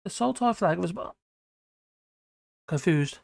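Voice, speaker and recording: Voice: medium pitch, expressive, slow, creaky, a little mellow. A live-stream host, chatting casually and reacting to viewer comments in a scattered, talkative way.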